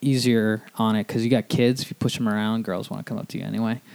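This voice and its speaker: A married man co-hosting a podcast, chatting casually and joking around, now and then trying quick impressions. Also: on the low side, steady tone, creaky, darkish tone. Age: adult with a wife. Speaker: podcast co-host. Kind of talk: casual chat.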